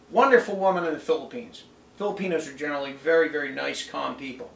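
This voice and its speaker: A man's voice: on the high side, fast talker, vocal fry. A man who sells online, ranting to camera in an exasperated, indignant, emphatic way. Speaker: online seller. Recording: roomy echo, mic set back.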